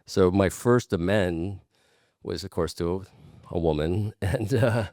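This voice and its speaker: A man's voice: low-pitched, takes it slowly, a little mellow, no room sound, clean studio sound. A man speaking as a guest in a candid conversation, earnest and repeating points for emphasis, with casual swearing.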